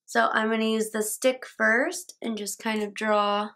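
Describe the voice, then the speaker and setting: At home indoors, a young beauty vlogger talks casually through her makeup routine as a tutorial, her voice a little high, fairly bright, and fairly even, pacing a little slow. Now and then she trips over words and laughs it off.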